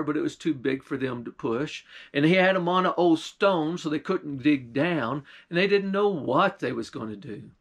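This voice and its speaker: A man's voice: fairly high pitch, fairly bright tone. A man, a pastor telling a folk tale in a folksy drawl. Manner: folksy drawl, often starting lines with "why".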